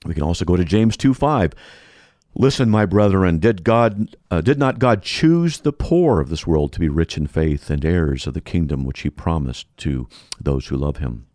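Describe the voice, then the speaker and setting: A man's voice: low-pitched, lively intonation, moderate pace, darkish tone, no room sound, studio quality. A man hosting a radio show who teaches Bible doctrine and reads scripture references one after another in a methodical, emphatic way. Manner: emphatic, stresses Greek terms. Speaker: radio show host, apologist.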